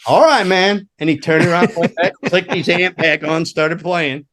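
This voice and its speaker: Guesting on a casual podcast, a former roadie tells road stories at a moderate pace in a slightly high voice. He cusses freely and performs the voices of those he quotes with animated flair.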